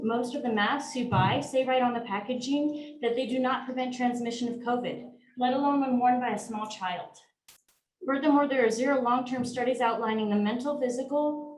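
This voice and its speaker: A woman, a parent, giving an impassioned, defiant public comment at a meeting. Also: on the high side. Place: large meeting hall. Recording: echoey hall, distant mic, faint noise.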